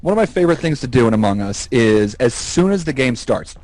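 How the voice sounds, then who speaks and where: A man co-hosting a podcast, telling stories in an animated, profane, casual way and laughing as he goes. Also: medium pitch, fairly quick, no echo, rough recording. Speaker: podcast co-host. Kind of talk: casual storytelling chat.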